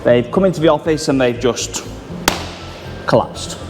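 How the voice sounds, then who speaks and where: A man's voice: medium pitch, unhurried. A man from Manchester working as a first aid trainer, giving clipped, step-by-step instructions. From Manchester, England. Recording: reverberant, with music behind.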